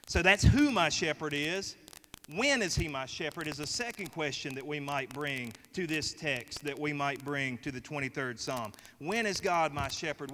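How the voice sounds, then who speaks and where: High, bright-voiced preacher man. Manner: emphatic, repeating phrases, leading the congregation. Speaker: pastor. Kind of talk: sermon. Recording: reverberant hall with faint noise.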